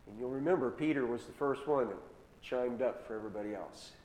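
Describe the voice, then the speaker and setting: A man preaching a sermon and retelling scripture in casual modern words, slowing down to stress key phrases. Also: medium pitch, darkish tone. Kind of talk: sermon storytelling. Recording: echoey hall with long reverb, faint noise.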